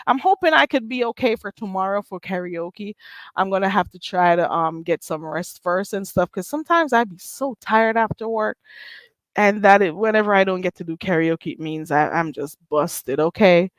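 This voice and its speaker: A woman's voice: mid-range voice, moderate pace, dry recording. A woman with a Caribbean accent hosting her own channel, chatting casually and bluntly to her viewers in a sassy, rhetorical way. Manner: blunt, sassy, rhetorical, reads chat names aloud. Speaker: channel host. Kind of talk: casual livestream chat.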